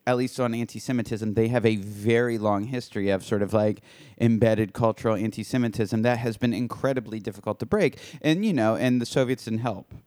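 A man's voice: mid-range voice, darkish tone, dry recording. Talkative man, mid-range voice, heavy "like" fillers, dry recording. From United States. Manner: talkative, fills with "like" and "right?". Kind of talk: casual podcast conversation.

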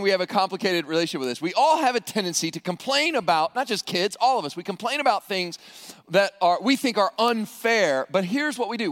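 A middle-aged male pastor preaching a sermon, animated, acting out quoted voices and often repeating words as he goes. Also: sits high, no echo, studio quality.

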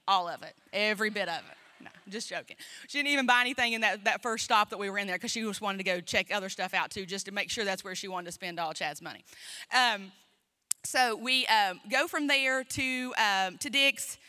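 A woman's voice: mid-range voice, a little fast, pushed and bright. A woman pastor telling a long story from the pulpit in a chatty, self-mocking way, full of asides. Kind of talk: storytelling sermon. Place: church.

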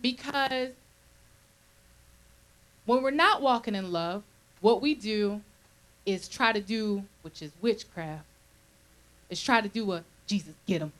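A woman's voice: mid-range voice, takes it slowly, long pauses, rough recording. A woman minister leading a Bible study, preaching conversationally and often checking in with her listeners.

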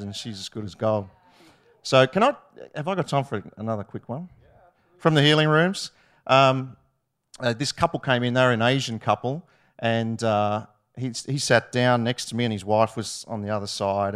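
Middle-aged man from Australia, mid-pitched, chatty storyteller sharing a testimony, lots of ums and restarts. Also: a bit bright. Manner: chatty, with many fillers and restarts. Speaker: church member sharing a testimony.

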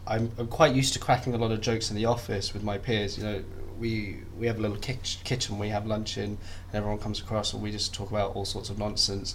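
Young male guest, low gravelly voice, rambling and self-deprecating. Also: slight background noise. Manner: chatty, self-deprecating, many restarts. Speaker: podcast guest. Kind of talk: casual interview chat.

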